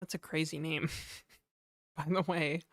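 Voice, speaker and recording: A woman's voice: deep voice, fairly even intonation, slow pace, no room sound, clean studio sound. A young woman live-coding on a stream, chatting casually and wryly with viewers and answering their comments. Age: young adult. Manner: offhand and wry, talking straight to viewers.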